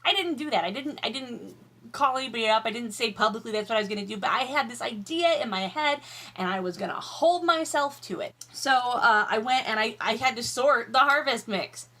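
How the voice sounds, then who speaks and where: Woman vlogger, tired, candid, chatty, swears freely, bright voice, home office. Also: a little high, brisk. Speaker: YouTube vlogger. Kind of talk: casual chatty vlog while eating.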